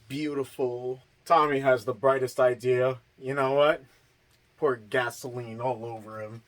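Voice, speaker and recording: Slow, laid-back man recapping a movie. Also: mid-range voice, fairly bright tone. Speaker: horror movie reviewer. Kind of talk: casual plot recap.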